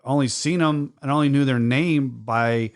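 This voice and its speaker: A man's voice: mid-range voice, moderate pace. Earnest, rambling man with a mid-range voice. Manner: earnest, rambling, tag questions. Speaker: podcast co-host. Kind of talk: casual recovery group chat.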